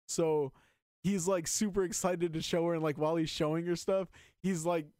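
A man chatting casually as a podcast host, excitedly rambling with lots of filler words. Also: fairly high pitch, normal speed, clean tone, dry recording, clean studio sound. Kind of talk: casual chat.

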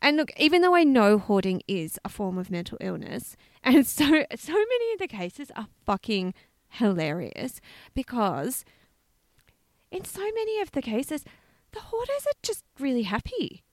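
A woman co-hosting a casual chat, telling stories in an animated way, swearing freely and laughing as she goes. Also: a little high, normal speed, dry recording. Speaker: podcast co-host.

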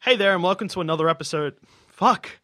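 A man's voice: sits high, fast, fairly bright tone, no echo, studio quality. A man hosting a podcast, who keeps fumbling the intro between laughs and swearing. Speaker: podcast host reading the intro. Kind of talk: casual chat, repeated intro takes.

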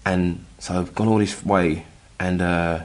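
Middle-aged english guy, low voice, halting storytelling, keeps restarting and doing the voices of people he quotes. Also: little pitch movement. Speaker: guest telling his story. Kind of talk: casual storytelling chat.

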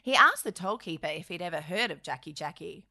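A woman's voice: fairly low pitch, expressive, creaky, sharp tone. A woman co-hosting a podcast, swearing freely and teasing her co-host in casual chat. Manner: sweary, cheeky, quick to laugh. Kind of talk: casual chat and reading history aloud.

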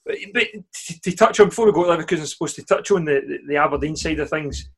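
Chatty Scottish man, slightly high voice. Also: very fast, breathy edge. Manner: chatty, swears freely, laughs often. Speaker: podcast co-host. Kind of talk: casual football chat.

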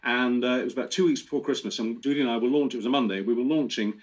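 A man in his sixties telling family stories in a chatty, animated way as a guest. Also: medium pitch, very fast. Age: 60s. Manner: chatty, animated storyteller with restarts. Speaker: guest presenter. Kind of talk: casual storytelling.

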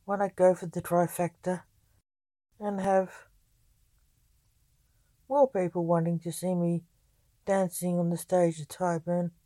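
A woman voicing a charming young male highwayman in a storybook reading. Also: little pitch movement, slow, pauses often, warm tone, dry recording. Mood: exasperated.

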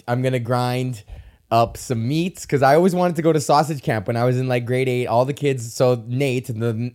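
A young man from Canada hosting a casual solo podcast, rambling excitably and swearing often. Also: medium pitch. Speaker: podcast host. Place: at home in front of a camera.

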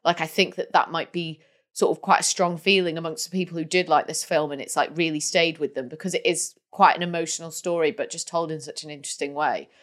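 A woman's voice: low voice, fairly even intonation, quick pace, a bit bright. A woman co-hosting a film podcast, thoughtful and hesitant, with lots of 'like' and 'um'. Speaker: podcast co-host. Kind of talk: casual chat.

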